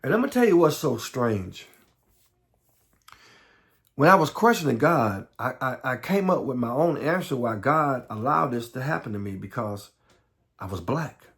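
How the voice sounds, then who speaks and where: Gravelly-voiced man from the American South, halting earnest life story, near tears. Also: medium pitch, very animated, fairly bright tone. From Southern United States. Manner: halting, repeats words, earnest. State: close to tears. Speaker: vlogger.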